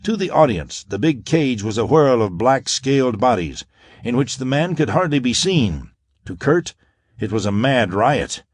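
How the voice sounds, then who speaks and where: A man narrating a pulp science-fiction audiobook in a dramatic, expressive way. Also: mid-range voice, a little slow, no echo, studio quality.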